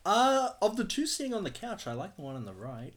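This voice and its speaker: Lively easygoing podcast co-host. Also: medium pitch, brisk. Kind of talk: casual movie watch-along chat.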